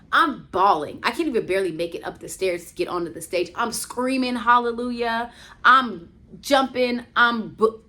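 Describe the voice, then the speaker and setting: Animated woman vlogger with a bright voice. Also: medium pitch. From United States. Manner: animated, lots of "like" fillers, swings from hushed to exclaiming. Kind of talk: casual storytelling to camera.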